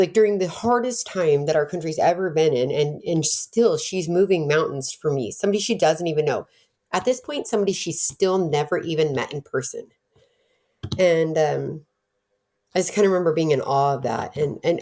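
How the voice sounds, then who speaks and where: A woman's voice: deep voice, mellow. A middle-aged woman telling her own recovery story in a candid, casual way. She acts out the people she quotes and talks with many fillers and restarts.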